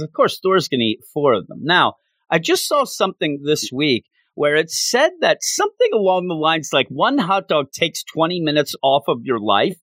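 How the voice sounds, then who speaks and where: Chatty comic-reviewing man, lively pitch. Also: no echo. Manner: chatty, opinionated asides.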